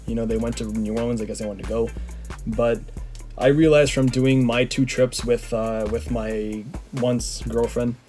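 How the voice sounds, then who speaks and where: Casual vlogger, male, quick rambling delivery, mellow slightly hoarse tone, faint music behind. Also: mid-range voice. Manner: rambling, many "like" fillers. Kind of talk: casual storytelling.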